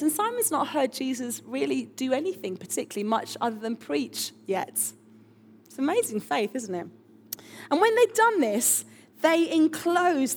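A woman pastor preaching a lively, chatty sermon with emphatic asides. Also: high voice, slight background noise.

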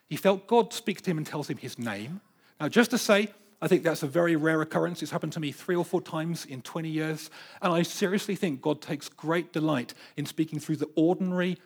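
A man preaching a sermon, telling personal stories with dramatic swings between loud bursts and hushed asides. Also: on the high side, slightly rough.

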